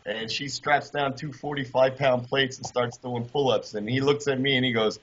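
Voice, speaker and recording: A man being interviewed, telling a story in an animated way and acting out the people in it. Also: medium pitch, normal speed, few pauses. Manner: animated, acts out quoted voices. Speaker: guest, former kayaker. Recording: dull lo-fi audio.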